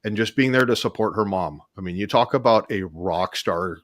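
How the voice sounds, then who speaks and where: A man's voice: fairly low pitch, normal speed, fairly bright tone, dry recording, studio quality. A man co-hosting a casual video-call chat, telling stories with many restarts. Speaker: co-host.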